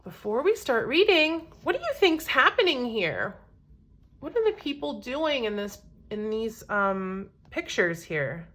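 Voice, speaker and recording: A woman teacher reading a storybook aloud to children, pausing to ask questions in an encouraging, expressive way. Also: fairly high pitch.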